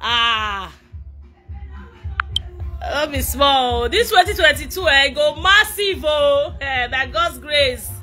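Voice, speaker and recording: Nigerian woman, young adult, live video chat, excitable, shouty, bright tone. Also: sits high, takes it slowly, long pauses, soft background music. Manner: excitable, switching between English and Pidgin, shouting and laughing. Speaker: social media personality.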